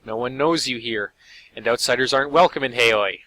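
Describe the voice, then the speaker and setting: A man reading the lines of a wry, guarded female shadowrunner in a game, sardonic and a bit lower and softer than his narration. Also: normal speed, natural voice, poor audio. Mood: dry. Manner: dry and sardonic.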